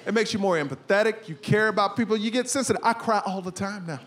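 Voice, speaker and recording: A middle-aged man doing a stand-up comedy set, animated, acting out family scenes and breaking into shouts. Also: sits high, fast. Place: comedy club stage with live audience. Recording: live room with steady ambience noise.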